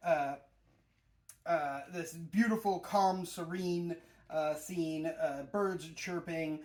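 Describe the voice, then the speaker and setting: A young man hosting a casual comics review, chatty and laughing often, with lots of stammering restarts. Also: fairly high pitch. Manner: chatty, frequent fillers and restarts, laughs a lot. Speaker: host, mock pastor of a fan channel. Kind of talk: casual manga review monologue.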